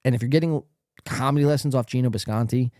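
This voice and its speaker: A man's voice: mid-range voice, fast, warm tone, dry recording, clean studio sound. A man hosting a podcast, commenting casually on clips in a crude, rambling way with plenty of swearing. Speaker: podcast host.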